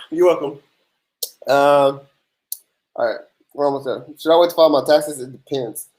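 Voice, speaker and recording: A man's voice: medium pitch, moderate pace, darkish tone. A young man, hosting a casual tax Q&A livestream, laid-back and sleepy, chatting with viewers between answers. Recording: echoey room.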